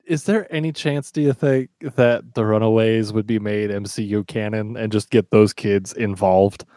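A man co-hosting a casual podcast chat, animated and acting out little quotes. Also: on the low side, moderate pace, no echo, studio quality. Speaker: podcast co-host.

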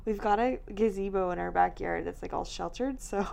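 A woman's voice: mid-range voice, a little fast, creaky, a little mellow. A young woman co-hosting a podcast, chatting casually with lots of filler words, tired and yawning from recording late. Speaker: podcast co-host. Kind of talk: casual chat.

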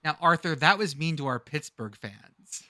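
A man co-hosting a chatty sports podcast, his voice bright and lively with wide swings in pitch. He keeps trailing off to dig up names. The sound is dry and close. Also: moderate pace, dry recording. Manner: animated, swearing, searching for names mid-sentence. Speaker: podcast co-host. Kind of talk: casual chat.

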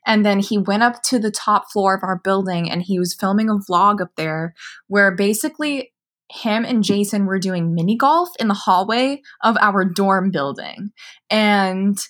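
A woman in her twenties, co-hosting a podcast, tells a story over drinks in a medium-pitched, slightly bright voice at normal speed. The chat is casual, packed with "like" and swearing.

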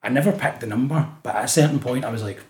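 A man's voice: mid-range voice, rapid-fire, reverberant. A man with a Scottish accent from the Glasgow area, a guest chatting casually on a podcast. He tells stories with energy, swears often and acts out what others said. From Scotland. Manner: animated storytelling, swears often, acts out quotes. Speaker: guest, street artist.

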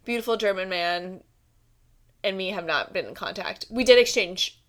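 A woman's voice: mid-range voice, normal speed, fairly bright tone. A young woman from the United States hosting her own podcast, chatting casually with lots of "like" fillers and giggles. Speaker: podcast host. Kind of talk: casual solo podcast chat.

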